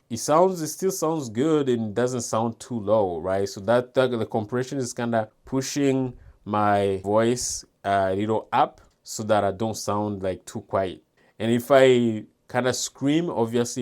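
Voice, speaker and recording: A man's voice: medium pitch, a little slow, a little mellow. A man giving a casual, upbeat review of gear, chatting straight to his viewers while wearing a wireless lapel mic in a home studio. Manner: upbeat, chatty, often addresses viewers as guys. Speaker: tech reviewer. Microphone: wireless lapel microphone.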